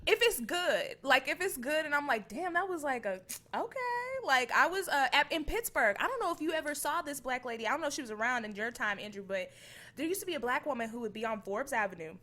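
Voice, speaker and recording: A woman's voice: high-pitched, lively intonation, quick pace, sharp tone. A woman comedian in casual comedic chat, telling stories in a playful, dramatic way and often laughing. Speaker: comedian guest.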